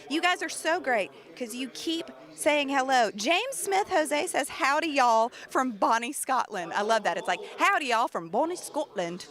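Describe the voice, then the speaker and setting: A woman's voice: high-pitched, fairly bright tone. A woman from Tennessee with a Southern accent, hosting a live-stream show in a bubbly, gushing way. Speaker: livestream host.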